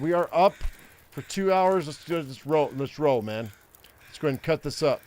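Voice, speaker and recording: A man's voice: fairly high pitch, animated, moderate pace, a little mellow. An older man giving casual, profane gameplay commentary, ranting and rambling with frequent restarts. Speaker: gaming streamer.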